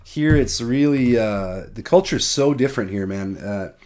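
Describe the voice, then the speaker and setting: A man's voice: medium pitch, expressive, moderate pace, a little mellow. A man hosting a podcast, telling loose, rambling stories in casual conversation and laughing often. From United States. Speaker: podcast host.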